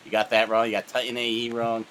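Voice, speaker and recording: Laid-back male co-host, bright-toned, dry humor. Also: mid-range voice, completely flat delivery, fast talker, a little hiss or hum. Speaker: podcast co-host. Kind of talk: casual podcast chat.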